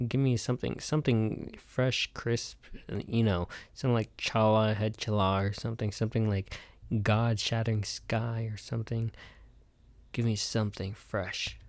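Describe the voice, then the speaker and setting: A young man hosting a comedic game playthrough, goofy and excitable in his reactions. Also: fairly low pitch, moderate pace, gravelly, no echo. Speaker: gaming video host.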